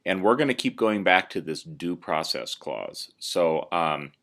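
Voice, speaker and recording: A man's voice: sits low, expressive, unhurried, vocal fry, a bit bright. A man teaching a recorded lesson, explaining step by step with many "uh"s and "um"s. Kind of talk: recorded classroom lecture.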